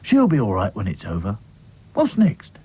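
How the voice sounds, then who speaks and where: A man doing a calm, kindly doll. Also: fairly low pitch, normal speed, husky, highs cut off, exaggerated voice. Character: kindly, sensible male rag doll.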